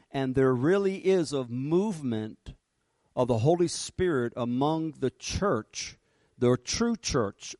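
A man preaching a fervent sermon, slowing down and rising in pitch and volume for emphasis. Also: darkish tone, no room sound. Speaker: pastor.

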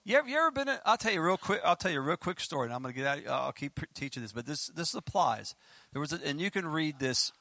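A man preaching a sermon, animated and chatty, breaking into laughs and acting out quotes with big jumps in pitch. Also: quick pace, no echo. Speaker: pastor.

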